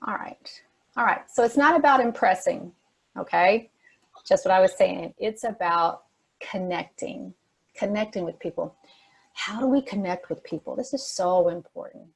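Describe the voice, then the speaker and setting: A woman's voice: fairly low pitch, creaky, husky, low-quality recording. A woman delivers a motivational talk as a guest speaker, full of energy and leaning hard on her main points. She repeats key phrases for weight and talks straight to her young audience over a video call. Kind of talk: motivational talk to a youth forum.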